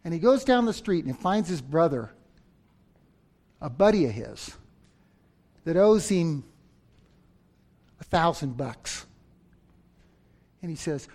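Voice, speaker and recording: A man preaching a sermon, swinging from loud outbursts to near-whispers, acting out story voices with humor. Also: on the high side, very animated, takes it slowly, long pauses. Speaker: pastor.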